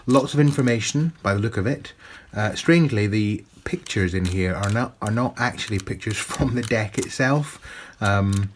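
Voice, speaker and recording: A man's voice: on the low side, moderate pace, slight background noise. A man giving a casual, chatty review of a tarot deck, with wry asides that poke fun at himself.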